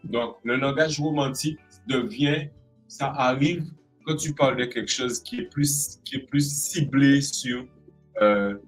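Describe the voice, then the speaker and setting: A man's voice: medium pitch, measured pace, soft background music, poor audio. A man from Guadeloupe with a Guadeloupean French accent, chatting in an interview and acting out expressions with playful voices. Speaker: creative arts specialist guest. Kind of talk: casual interview chat.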